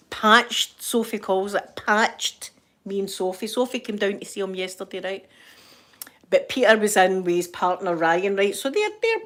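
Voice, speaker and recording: Older Scottish woman, talkative vlogger, laughs easily, rambles through stories. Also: medium pitch. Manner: chatty, laughs often, rambling anecdotes. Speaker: vlogger reading live chat. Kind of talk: casual chat.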